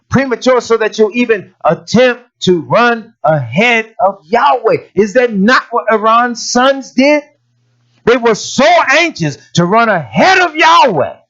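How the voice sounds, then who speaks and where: A man preaching a sermon in a folksy, animated way, dropping to hushed asides and rising to sudden shouts. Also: high-pitched. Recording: dull lo-fi recording.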